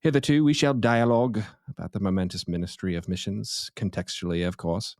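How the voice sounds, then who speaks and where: An American man doing a pompous fake-British host; low voice, put-on accent. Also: fairly quick, a little mellow, dry recording, studio quality, lightly acted. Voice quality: stilted, pretentious wording. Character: pompous faux-British male radio host.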